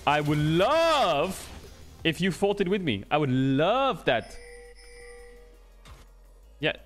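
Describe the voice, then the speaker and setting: A young man commentating his own gameplay on stream, exasperated with his teammates and swearing as he goes. His voice sits high and swings wildly up and down. He mostly talks at an unhurried pace, with faint music playing behind him. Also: very animated, fairly bright tone.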